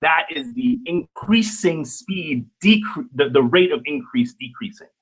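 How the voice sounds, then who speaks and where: Husky guy calmly walking people through his point in a panel debate. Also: fairly high pitch, measured pace, rough recording. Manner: calm, explanatory, patient. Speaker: panel guest.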